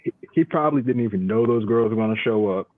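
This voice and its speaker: A man on a casual panel chat, chiming in with quick interjections and agreement. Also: medium pitch, no room sound, narrow, tinny audio.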